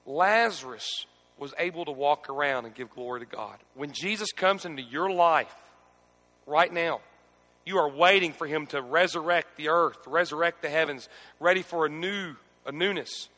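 A man preaching a sermon as pastor, swinging between shouting and near-hushed speech. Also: fairly high pitch, normal speed, long reverb tail.

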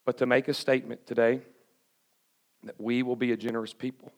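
A man's voice: medium pitch, level tone, brisk. A pastor preaching a sermon to his congregation in a church, folksy and plain-spoken, calling for responses from the pews. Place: church sanctuary before a congregation.

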